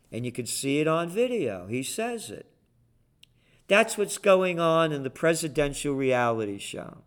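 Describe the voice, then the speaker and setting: A man's voice: mid-range voice, sing-song, moderate pace. A man hosting a commentary show, ranting sarcastically about politics and markets with mocking name-calling.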